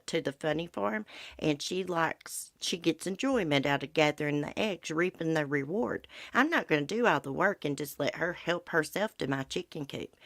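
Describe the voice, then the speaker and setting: A middle-aged woman hosting a livestream rants heatedly and indignantly in folksy, rural, casual talk, swearing as she answers viewer comments. Her voice sits low and is a bit bright, recorded in studio quality with no echo.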